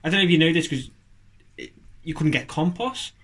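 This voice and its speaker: Guy rambling on a podcast, a bit high voice, loads of ums and jokes. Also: lively intonation, a little fast, a bit bright. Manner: rambling, jokey, many fillers and restarts. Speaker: podcast co-host. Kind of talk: casual chat.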